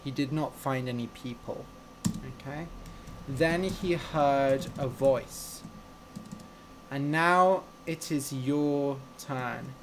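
On a live stream, a man teaches English by telling a story slowly and clearly, explaining words and asking viewers questions in a relaxed, chatty way. His voice is mid-range, and there is background noise.

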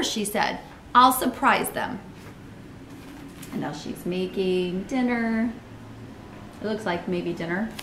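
A woman reading a children's book aloud, pausing to comment and ask listeners questions in an expressive way. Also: medium pitch, a little hiss or hum. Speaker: storybook reader. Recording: roomy echo.

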